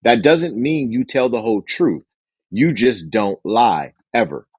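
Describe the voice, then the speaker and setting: A man's voice: darkish tone, husky, no echo. A man hosting a book club, reading a business book aloud and acting out sample phone calls. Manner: acts out phone dialogue with raised pitch for characters.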